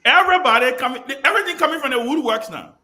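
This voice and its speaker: A man's voice: extremely high pitch, animated, fast, pushed and bright. A man chairing a political talk show over a video call, emphatic and scolding, repeating himself for stress.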